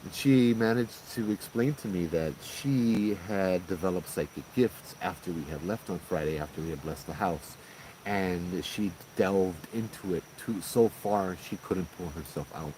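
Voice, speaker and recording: A man recounts a ghost story in a loose, conversational way. He is animated and keeps checking in with "you know" and "right?" as he talks. Faint crickets chirp in the background. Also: deep voice, measured pace, slight background noise, rough recording. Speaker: paranormal storyteller host. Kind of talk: casual spoken ghost story.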